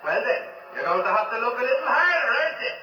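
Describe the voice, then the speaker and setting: A mocking Irish ghost gatekeeper. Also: male voice, very high-pitched, big pitch swings, quick pace, sharp tone, far from the mic, muffled recording, exaggerated voice. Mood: teasing. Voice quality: mocking, teasing banter. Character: sly wisecracking Irish male ghost gatekeeper. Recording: roomy game audio, faint noise.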